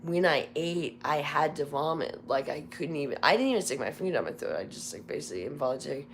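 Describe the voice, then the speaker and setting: Hoarse low-voiced woman, candid chat. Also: animated, fast talker, slight background noise. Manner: candid, confessional, rambling. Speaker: livestream host. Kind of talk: casual live chat. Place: Las Vegas home.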